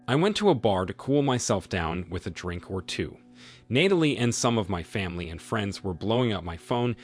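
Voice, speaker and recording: A man narrating a first-person story and a short reaction, reading steadily without fillers. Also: lowish voice. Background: faint background music.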